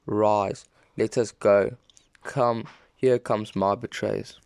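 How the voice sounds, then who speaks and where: A man reading as calm Jesus. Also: fairly low pitch, slow, gravelly, clear, resonant tone. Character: Jesus, calm male teacher.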